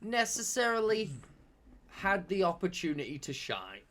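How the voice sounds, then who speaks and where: A man's voice: high voice, big pitch swings, normal speed, fairly bright tone. A man co-hosting a podcast, chatting casually, rambling with restarts and casual swearing. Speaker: podcast co-host. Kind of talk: casual chat.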